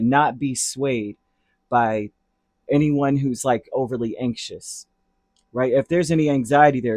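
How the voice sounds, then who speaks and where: A man's voice: medium pitch, a little mellow, no echo. A man giving a casual tarot reading, talking in a rambling, chatty way that drifts into heated asides. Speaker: tarot reader.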